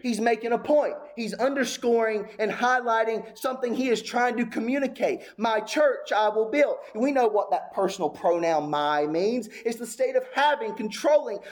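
High-voiced man preaching emphatically. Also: expressive, moderate pace, hardly any pauses. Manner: emphatic preaching with repeated phrases; drops into casual asides. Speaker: pastor. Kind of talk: sermon.

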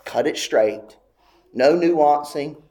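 A man's voice: slow, mellow, slight background noise. Man preaching with impassioned rises. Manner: impassioned preaching, voice climbing high on pleas; repetitive emphatic cadence. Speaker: pastor. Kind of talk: sermon.

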